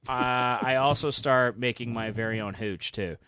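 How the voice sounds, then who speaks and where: A man's voice: medium pitch, moderate pace, bright, forceful tone, a little hiss or hum. A young man co-hosting a podcast, riffing and swearing in casual chat. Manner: profane, joking, riffing. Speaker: podcast co-host.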